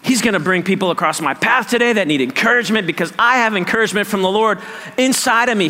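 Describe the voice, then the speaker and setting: High bright-voiced preacher in a reverberant hall. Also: male voice. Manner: emphatic, repeats phrases, asks "does that make sense". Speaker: pastor. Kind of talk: sermon.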